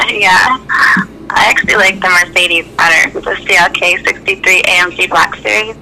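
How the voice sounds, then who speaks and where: Bright-voiced woman chatting casually. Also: lowish voice, normal speed, slight background noise, poor audio. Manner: laughs easily, relaxed and upbeat. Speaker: guest. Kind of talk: casual interview chat.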